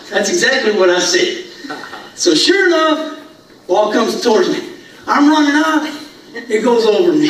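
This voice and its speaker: A middle-aged man telling a funny story in a sermon, animated and laughing, acting out voices of the people in it. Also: very high-pitched, unhurried, long pauses, a little hiss or hum. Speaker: preacher. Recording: echoey hall, from far off.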